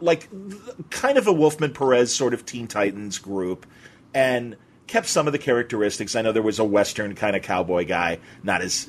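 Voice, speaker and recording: A male podcast host who talks casually and eagerly, rambling with many restarts. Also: fairly low pitch. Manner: enthusiastic, rambling, lots of restarts and fillers.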